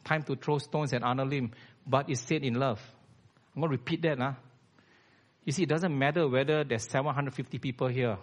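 A man's voice: mid-range voice, steady tone, brisk. A man, preaching a blunt, emphatic sermon as a church elder.

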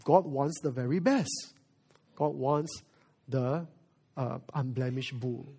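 A male pastor preaching a sermon, moving from quiet reflection to loud emphasis. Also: mid-range voice, takes it slowly, breathy edge.

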